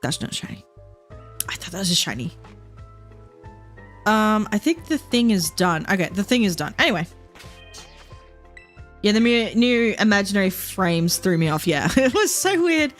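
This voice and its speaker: A woman's voice: mid-range voice, sing-song, moderate pace, long pauses, soft background music. Chatty young woman streaming a game. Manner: chatty, rambling, thinks out loud. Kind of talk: casual gameplay chat while livestreaming.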